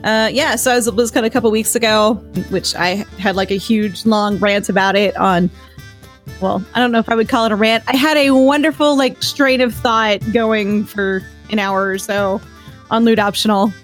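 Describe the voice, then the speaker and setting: A woman's voice: mid-range voice, steady tone, moderate pace, faint music behind. A woman on a casual podcast, stuffed up and tired from a cold, chatting in a joking, self-deprecating way.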